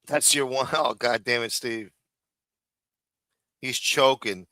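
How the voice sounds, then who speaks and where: A man's voice: medium pitch, slow pace, bright, forceful tone, no room sound. A man hosting a live chat show, talking casually and swearing in exasperation. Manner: exasperated, cursing. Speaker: host.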